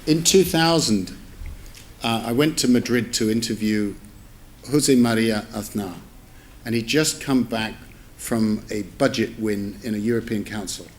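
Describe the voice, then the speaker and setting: A man's voice: lowish voice, moderate pace. Chatty man telling a lecture anecdote. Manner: chatty, self-interrupting, amused asides. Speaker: newspaper editor giving a public lecture. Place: lecture theatre with audience.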